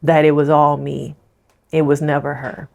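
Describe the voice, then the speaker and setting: A woman's voice: sits low, flat delivery, normal speed, gravelly, narrow, tinny audio. A woman therapist giving a casual, chatty recap of a reality show and talking straight to her viewers. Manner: chatty, addresses viewers directly. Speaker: licensed therapist.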